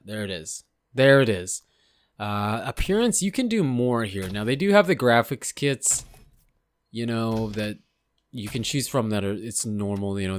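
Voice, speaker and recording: Slightly hoarse man rambling over gameplay. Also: on the low side. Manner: rambling, unsure, often correcting himself. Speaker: gaming YouTuber. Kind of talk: casual gameplay commentary.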